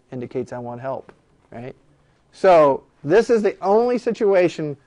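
Animated man lecturing a class. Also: on the high side. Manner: animated, jokey, rhetorical questions to students. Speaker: law lecturer.

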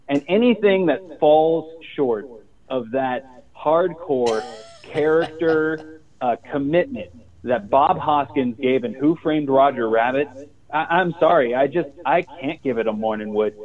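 A man's voice: a little high, narrow, tinny audio. A man co-hosting a casual comedy chat show, ranting with profane exaggeration. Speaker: co-host.

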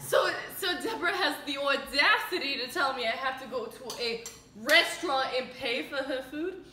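High, bright-voiced young woman telling a story. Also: moderate pace. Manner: animated storytelling with frequent laughter. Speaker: vlogger. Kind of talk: improvised comedy skit. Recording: echoey room, faint noise.

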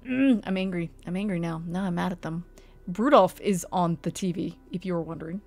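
Her voice is fairly low, steady and a little mellow, and she speaks briskly. Commenting live on house listings as a streamer, she's mock-outraged and exasperated, swearing, laughing often and throwing out rhetorical questions.

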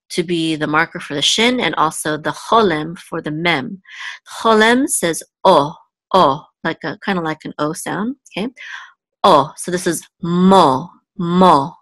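A woman teaches biblical Hebrew step by step, sounding out each word slowly and often pausing to ask "okay?". Her voice sits a little low, and the recording is dry and close. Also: a bit bright, no room sound. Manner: patient, repeats words, checks in with "okay?". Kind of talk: slow step-by-step language lesson.

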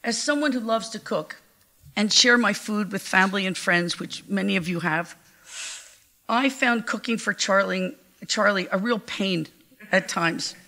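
An older woman giving a heartfelt, measured eulogy at a memorial gathering. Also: mid-range voice, sharp tone. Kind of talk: memorial tribute speech.

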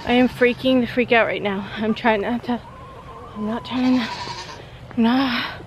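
A woman's voice: on the high side, steady tone, unhurried, highs cut off. A woman vlogger chatting casually and animatedly straight to her viewers on a small farm. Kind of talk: casual vlog chat to camera. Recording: noisy outdoor camera audio.

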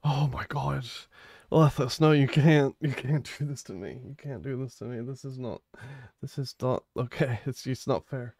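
A man live-streaming in casual chat, flustered and pleading, saying he is tired and a little high, who repeats words in bursts. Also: fairly even intonation, normal speed, darkish tone, no room sound.

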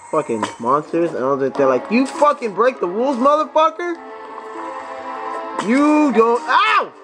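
A young man with a high voice that swings wildly in pitch, commentating his gameplay. He swears freely, yelps, and talks straight at the enemies on screen. Game music plays clearly under his voice. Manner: excitable, profane, talks to enemies. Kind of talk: let's play commentary.

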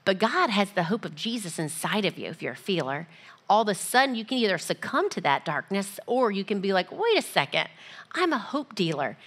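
A woman giving a casual, lively church teaching, often acting out little voices and dialogues. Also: medium pitch, fairly quick.

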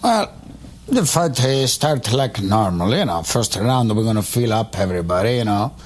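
An actor playing a brash, foul-mouthed boxer with an Italian accent in a comedy radio sketch. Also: male voice, lowish voice, very animated, normal speed, a little hiss or hum. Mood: boastful. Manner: swears constantly, brash and mocking. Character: crude Italian boxer, loud, insulting, boastful.

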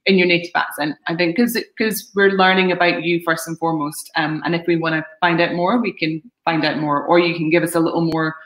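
Woman agent on a video call, lowish voice, frank and practical, restarts a bit, echoey room. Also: level tone, fairly quick, hardly any pauses. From Scotland. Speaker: talent agent, guest. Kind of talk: live-streamed Q&A answers. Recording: roomy echo.

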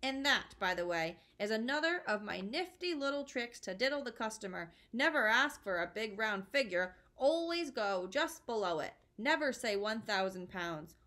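A woman reading a storybook puts on a smug, crooked car-dealer father who brags and bullies. He talks loudly, sure he is the cleverest man in the room. The voice rides up and down in a lively way. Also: a little high, normal speed, hardly any pauses. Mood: boastful. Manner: loud, bullying and smug. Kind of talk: storybook read-aloud.

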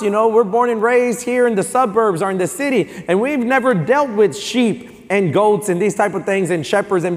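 A male pastor preaching a sermon, telling a story with frequent restarts and repeated words. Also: sits high. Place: church hall. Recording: long church-hall reverb.

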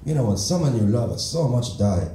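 A stand-up comedian playing a naive immigrant man who speaks broken English in deadpan one-liners. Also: mid-range voice, quick pace, slight background noise, lightly acted. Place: comedy club stage. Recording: echoey room from far off.

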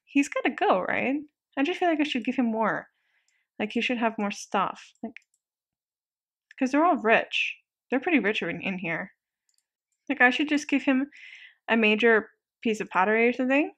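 A woman giving casual let's-play game commentary, chatty and excitable, quick to laugh. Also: fairly high pitch.

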